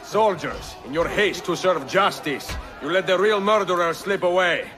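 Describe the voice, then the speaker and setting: An actor playing a calm, authoritative male assassin mentor who gives firm, measured commands. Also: sits high, close to an everyday voice. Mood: commanding.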